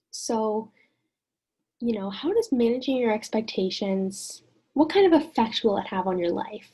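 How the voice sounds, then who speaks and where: A woman teaching an online lesson in a gentle, encouraging way, often putting questions to the listener. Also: fairly high pitch, breathy edge.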